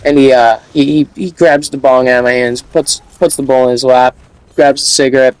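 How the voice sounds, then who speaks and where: Young guy, middle pitch, casual storytime monologue, rambling, slangy, stumbles over his words. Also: fairly even intonation, normal speed, smooth, dry recording, poor audio.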